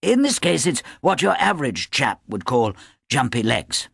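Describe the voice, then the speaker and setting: A man's voice: mid-range voice, big pitch swings, normal speed, gravelly, a bit bright, husky, dry recording, studio quality, voice pushed up, full character voice. A man voicing a pompous male doctor who talks in medical jargon.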